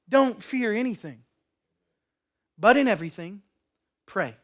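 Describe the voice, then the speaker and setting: A man preaching a sermon as a pastor, impassioned and storytelling, swinging between loud declarations and hushed lines. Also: high-pitched, unhurried. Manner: storytelling with acted quotes.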